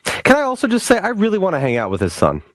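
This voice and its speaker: A man's voice: sits high, wildly swooping pitch, fast, no echo. A man in his thirties hosting a podcast with casual, playful, chatty talk. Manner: chatty and playful, with laughs and restarts. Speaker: podcast host.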